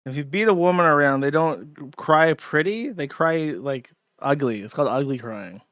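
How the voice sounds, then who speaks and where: A man's voice: on the high side, normal speed, fairly bright tone, dry recording, studio quality. Crude sardonic male streamer. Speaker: streamer host. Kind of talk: casual commentary.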